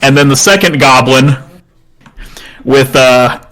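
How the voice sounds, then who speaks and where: A man's voice: medium pitch, slow, fairly bright tone, low-quality recording. Good-humored man running a tabletop game. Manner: good-humored, chuckles while narrating. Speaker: dungeon master.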